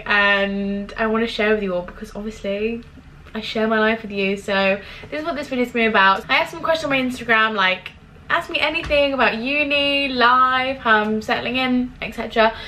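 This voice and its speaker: A woman's voice: fairly high pitch, a little hiss or hum, poor audio. A young woman vlogging in a casual chat, effusive and full of "like" fillers. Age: young adult. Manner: chatty, full of "like" fillers, warm and effusive toward viewers.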